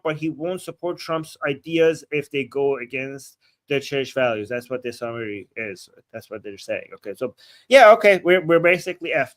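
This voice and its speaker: A man's voice: a little high, a bit bright. A man hosting a live political stream, reading news aloud and reacting with blunt sarcasm and many restarts. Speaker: political livestream host. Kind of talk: casual commentary reading and reacting.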